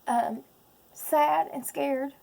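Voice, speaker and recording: Woman, 30s, personal vlogger, tearful and halting, slightly high, fry-heavy voice. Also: fairly even intonation, dark tone. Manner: tearful, halting, many pauses and ums. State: close to crying. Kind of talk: emotional personal vlog.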